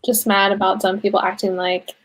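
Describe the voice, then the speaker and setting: A woman's voice: medium pitch, flat delivery, brisk. A young woman hosting a livestream, chatting casually, reading out viewer comments and laughing often. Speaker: livestream host.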